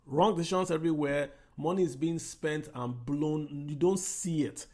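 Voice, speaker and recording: A man hosts a live audio panel discussion in a voice a little higher than most men's. He repeats his key points slowly for emphasis and asks pointed rhetorical questions. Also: a little mellow. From Nigeria. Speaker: host.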